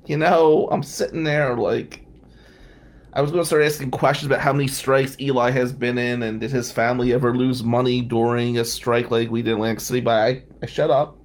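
A man's voice: medium pitch, level tone, fairly quick. A man from New Jersey, a defense lawyer, telling a wry, self-mocking story in a casual podcast chat.

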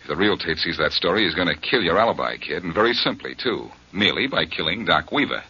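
Blackie, a cool wry detective. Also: male voice, low-pitched, lively intonation, fast talker, heavy background noise. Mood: dry. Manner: dry, clipped and wry. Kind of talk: 1940s radio acting. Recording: dull old radio recording.

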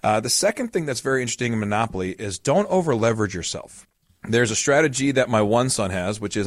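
Male podcast host and financial advisor, mid-range pitch, dry voice, earnest conversational explainer who leans on anecdotes. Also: animated, fast talker, dry recording. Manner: earnest, explains with family anecdotes and acted-out quotes; repeats key points for emphasis.

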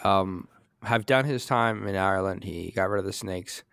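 A man's voice: low-pitched, normal speed, vocal fry, a bit bright, no echo, studio quality. A man co-hosting a podcast, rambling through ideas in casual chat and getting exasperated with the others. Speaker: podcast co-host.

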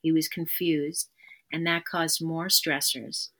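A woman therapist speaks as a guest on an interview podcast, with a voice that sits a little low. She talks earnestly and with emphasis, often repeating her key phrases. Her manner is conversational. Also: flat delivery, slow pace, bright, forceful tone.

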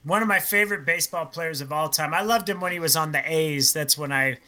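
A man's voice: on the high side, brisk, bright, forceful tone. A man co-hosting a radio show, joking around in casual chat and slipping into silly voices. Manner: joking, slips into silly impressions.

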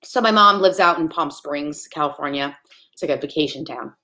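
A young woman chatting casually on a podcast, telling stories in an animated, giggly way. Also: sits low, brisk. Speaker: guest, graphic artist.

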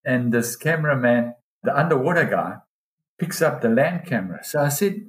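A man telling a long diving story in a casual interview, lively and excited when he quotes others. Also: normal speed. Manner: animated, pitch jumps when quoting others. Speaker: dive guide telling a story. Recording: roomy echo.

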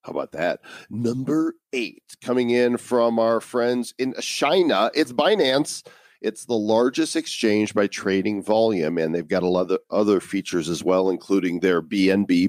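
A man's voice: lowish voice, steady tone, a little slow, a little mellow, no room sound, studio quality. A man co-hosting a crypto news podcast, bantering playfully and reading sponsor spots. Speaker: podcast co-host. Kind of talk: casual podcast banter with ad reads.

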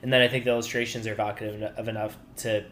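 Fast-talking male podcast co-host. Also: lowish voice, little pitch movement, a bit bright. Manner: rapid, self-interrupting talk. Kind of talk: casual book-club chat.

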